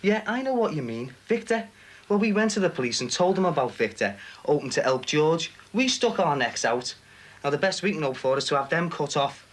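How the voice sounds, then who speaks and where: A man's voice: a little high, animated, fairly quick. A sardonic young man. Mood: sarcastic. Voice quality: teasing, sardonic. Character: wisecracking young working-class man, sarcastic. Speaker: son and boyfriend in a soap. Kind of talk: TV soap acting. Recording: noisy TV soundtrack.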